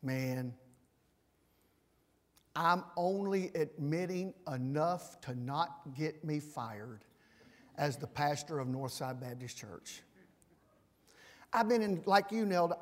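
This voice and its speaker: A man's voice: on the high side, measured pace. A man, a pastor preaching a folksy, self-deprecating sermon and closing in prayer. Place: large church sanctuary. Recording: long reverb in a large hall.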